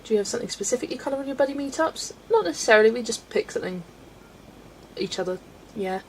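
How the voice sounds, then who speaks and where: A woman's voice: a little high, animated, fast, slight background noise, poor audio. A young woman chatting casually on a colouring livestream, answering chat and laughing often. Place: home room.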